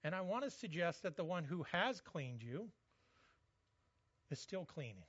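A man's voice: on the high side, sing-song, measured pace, fairly bright tone, breathy edge, no echo, muffled recording. A male pastor giving a conversational sermon, often repeating words as he goes.

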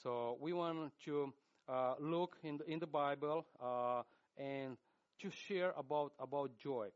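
A man preaching a sermon in English with a Russian accent, his first language Romanian. He speaks slowly and haltingly, voice a touch higher than most men's. The recording sounds dull and muffled. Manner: slow, halting delivery with frequent fillers and restarts.

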